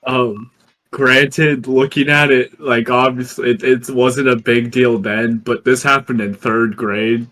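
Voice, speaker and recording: A man telling a school story in casual chat, halting with many ums and uhs and small chuckles. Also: mid-range voice, steady tone, bright, forceful tone, poor audio.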